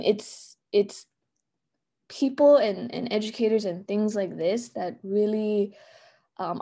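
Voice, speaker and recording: A woman's voice: medium pitch, mellow. A woman giving a casual conference talk on a video call, chatty and full of fillers and restarts. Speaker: conference presenter. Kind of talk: casual live online presentation.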